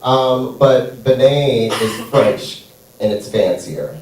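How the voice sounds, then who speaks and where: A man's voice: medium pitch, slow, heavy background noise. A man performing a stand-up comedy set on a theater stage, sassy and playful, drawing out his punchlines. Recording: echoey room, far from mic.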